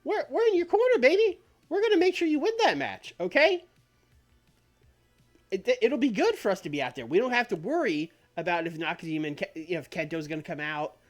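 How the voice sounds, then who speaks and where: A man voicing a smooth-talking male wrestling manager with a persuasive, coaxing manner. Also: high voice, big pitch swings, brisk, faint music behind, pitched above the performer's own voice.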